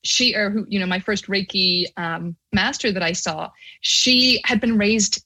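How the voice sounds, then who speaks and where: A middle-aged woman from Ireland with an Irish accent, a podcast guest telling her personal story in an earnest, animated way. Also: medium pitch, a little slow, breathy edge, low-quality recording.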